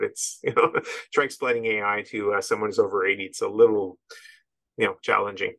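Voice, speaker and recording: A man's voice: lowish voice, steady tone, fast, fairly bright tone, dry recording, poor audio. A middle-aged man from Canada, a podcast guest talking casually in a rambling way with many asides.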